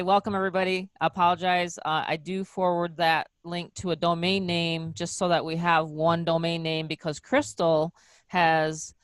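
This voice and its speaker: A woman's voice: fairly low pitch, no echo. A woman in her fifties hosting a team video call, speaking earnestly and emotionally with chatty fillers. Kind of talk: heartfelt motivational talk on a video call.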